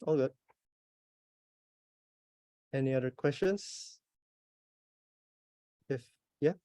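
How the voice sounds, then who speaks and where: A man's voice: medium pitch, drawn-out words, warm tone, dry recording, clean studio sound. A young man with an Australian accent giving a tech talk at a meetup, hesitant and plain-spoken with restarts. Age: young adult. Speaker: conference speaker.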